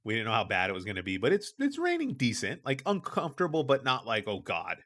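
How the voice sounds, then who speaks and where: A man's voice: medium pitch, huge pitch swings, quick pace, fairly bright tone. A middle-aged man co-hosting a podcast, telling a story in casual chat and acting out the people he quotes. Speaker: podcast co-host.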